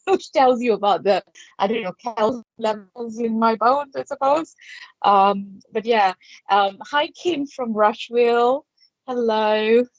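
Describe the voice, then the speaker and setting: A woman's voice: a little high, no room sound, muffled recording. A woman in her fifties from Malaysia, a psychic artist chatting casually on a livestream and greeting viewers by name with frequent laughs. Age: 50s.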